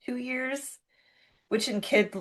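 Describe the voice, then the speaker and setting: A woman's voice: a little high, fairly even intonation, slow, a bit bright. A woman in her thirties co-hosting a podcast, chatting casually and telling stories with lots of fillers and restarts. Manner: rambling, storytelling with many fillers and restarts. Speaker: podcast co-host. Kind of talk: casual chat.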